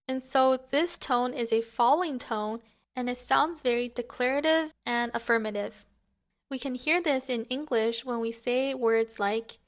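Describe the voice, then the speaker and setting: A woman gives a scripted pronunciation lesson in a fairly high voice. She talks very slowly and spells out each example word with deliberate care. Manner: careful, deliberate modeling of example words. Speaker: language teacher.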